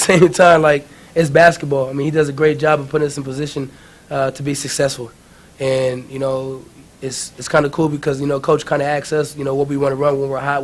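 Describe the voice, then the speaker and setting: Young man, athlete, monotone interview answers. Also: mid-range voice, a little hiss or hum. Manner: relaxed, rambling, many "you know"s. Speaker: basketball player interviewed. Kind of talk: post-game interview.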